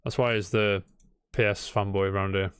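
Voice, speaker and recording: A man hosts a casual podcast chat, joking and teasing with a slightly low voice. He swears freely. The sound is dry and close, with no room around it. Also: little pitch movement, moderate pace, a bit bright, smooth, dry recording. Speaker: podcast host.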